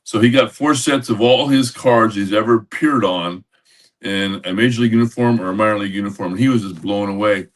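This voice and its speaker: An older man co-hosting a podcast, telling a rambling anecdote with lots of halting restarts over a video call. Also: fairly low pitch, recorded from a distance. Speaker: podcast co-host. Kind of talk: casual storytelling.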